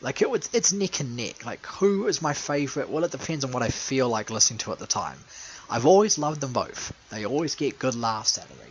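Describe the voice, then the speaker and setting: A man's voice: medium pitch, sing-song, a little fast, a little hiss or hum, low-quality recording. A man giving a casual, rambling spoken retrospective, sarcastic and crude, full of fillers and self-corrections. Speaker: video maker recapping a call-in show.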